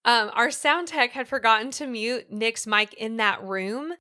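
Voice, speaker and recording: A woman co-hosting a casual podcast with a bright, tense edge to her voice. Her tone is crisp and smooth as she tells stories in an animated, chatty way, peppered with "um" and "like.". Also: fairly high pitch, a little slow. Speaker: podcast co-host. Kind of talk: casual chat.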